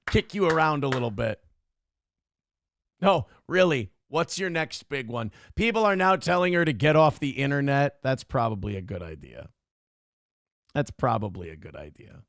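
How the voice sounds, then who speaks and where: Guy streaming from home, reading chat and trash talking, lively swinging pitch, dry close sound. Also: gravelly, no echo. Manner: mocking, taunting, profane banter. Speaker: live stream host.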